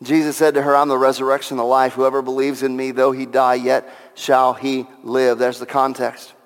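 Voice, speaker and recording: A man's voice: mid-range voice, monotone, brisk, big-room sound. A male pastor preaching an Easter sermon with passion, repeating key lines for emphasis.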